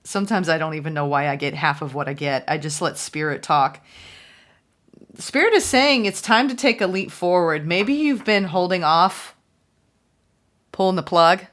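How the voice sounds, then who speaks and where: A woman's voice: fairly low pitch, expressive, normal speed, a bit bright. A woman giving a casual, chatty tarot reading, musing aloud and voicing the viewer's thoughts. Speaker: tarot reader.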